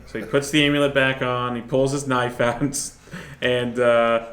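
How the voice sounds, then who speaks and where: Male tabletop player, very slow delivery, hesitant with plenty of ums and laughs. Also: mid-range voice, little pitch movement, fairly bright tone. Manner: hesitant, many fillers, laughs between phrases. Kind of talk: playing a tabletop game.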